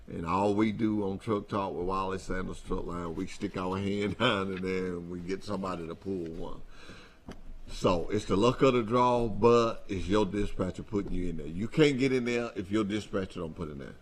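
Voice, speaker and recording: A man hosting a company show, talking in a folksy, repetitive, emphatic way to his truck drivers. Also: deep voice. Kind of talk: casual address to drivers.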